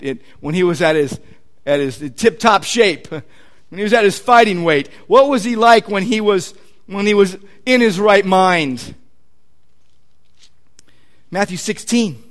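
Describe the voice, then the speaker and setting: A pastor from Southern California with a Southern Californian accent, preaching a sermon in a conversational, animated way, acting out quotes with sudden loud outbursts. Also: male voice, high voice. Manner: conversational, repeats words while searching for them.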